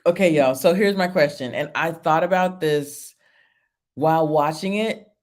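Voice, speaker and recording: A woman's voice: low voice, measured pace, darkish tone. A woman hosting a casual reality TV review stream. She laughs often, repeats herself for emphasis and answers viewer comments as she talks. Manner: emphatic, repeats phrases for effect.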